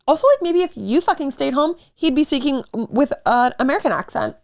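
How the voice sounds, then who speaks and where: A woman's voice: high-pitched, expressive, brisk, no echo, studio quality. A young woman co-hosting a podcast, reading a story aloud and chatting casually with swearing and laughter. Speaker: podcast co-host.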